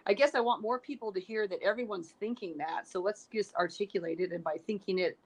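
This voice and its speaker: A woman's voice: mid-range voice, fairly quick. A middle-aged woman hosting a podcast interview, talking in an encouraging, thinking-aloud way with many restarts. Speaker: podcast host. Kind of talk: casual interview chat.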